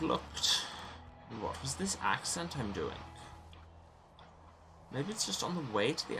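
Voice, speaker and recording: A man's voice: mid-range voice, huge pitch swings, takes it slowly, pauses often, noisy background. A man hosting a let's play, giving chatty, self-mocking gaming commentary from a small sealed room and muttering to himself as he plays.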